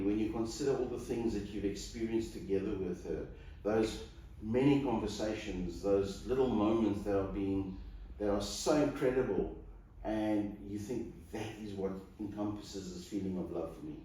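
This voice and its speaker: A man's voice: fairly low pitch, normal speed, hardly any pauses, dark tone. A man serving as wedding celebrant, giving an earnest, coaching talk directly to a couple before their wedding. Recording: echoey room, distant mic, faint noise.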